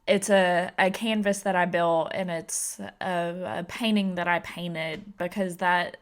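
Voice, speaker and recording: A woman's voice: lowish voice, fairly even intonation, slow. A woman, hosting a casual podcast chat in a chatty, playful way and laughing easily. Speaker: podcast host.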